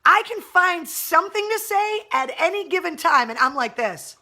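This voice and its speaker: A woman with a high, bright voice tells a story in an animated, blunt way. She is a radio host chatting casually on a live stream, and she swears freely. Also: moderate pace.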